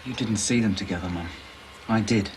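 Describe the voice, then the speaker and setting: An actor playing a sullen, resentful young adult son. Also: male voice, lowish voice, fairly quick, noisy background, lightly acted. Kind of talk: soap opera acting.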